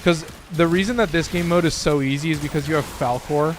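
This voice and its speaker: Young male streamer, loose and rambling, swears freely, voice cracking now and then; a bit high, faint background noise. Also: brisk. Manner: loose, rambling, swears often, lots of fillers. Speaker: gaming streamer. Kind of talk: casual gameplay commentary.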